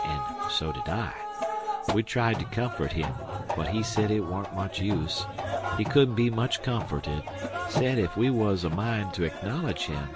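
A man narrating an audiobook in a plain, folksy storytelling manner. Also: sits low. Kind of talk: audiobook reading. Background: music.

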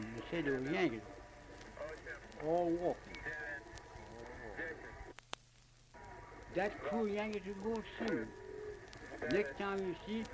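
Gravelly old Southern man, noisy archive. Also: on the high side. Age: older. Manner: rambling, repetitive, halting. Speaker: interviewee recounting memories. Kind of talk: oral history reminiscence.

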